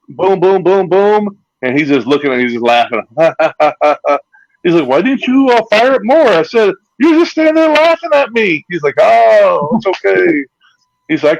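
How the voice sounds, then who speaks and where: Veteran male wrestler spinning loose anecdotes; gravelly, dry, slightly muffled recording. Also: sits high, no echo. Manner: rambling anecdotes with acted-out quotes and laughs. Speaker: retired pro wrestler, guest. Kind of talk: casual storytelling interview.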